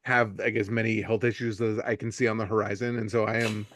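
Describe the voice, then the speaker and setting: A man's voice: on the low side, little pitch movement, fairly quick, a bit bright, a little hiss or hum. A man in his forties co-hosting a podcast, chatting casually in a rambling, self-deprecating way. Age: 40s. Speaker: podcast co-host. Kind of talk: casual chat.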